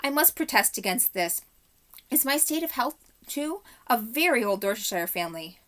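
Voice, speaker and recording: A woman doing a wailing, stammering old gentleman. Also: fairly high pitch, big pitch swings, moderate pace, pitched above the performer's own voice. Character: panicky old gentleman, trembling and whining.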